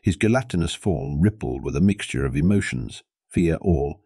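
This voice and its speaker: Male narrator, scripted sci-fi story, very deep voice, husky, lively intonation. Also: moderate pace, no room sound, studio quality.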